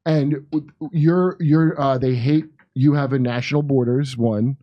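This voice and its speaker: A man's voice: mid-range voice, steady tone, unhurried, dull audio. A man co-hosting a casual political chat, rambling and sarcastic, with mocking asides. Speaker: co-host.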